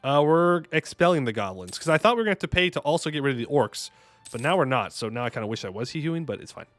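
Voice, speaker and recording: A man streaming a strategy game, commenting casually and excitably, talking to himself and his chat with jokey asides. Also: on the high side, fast talker. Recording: faint music behind the voice.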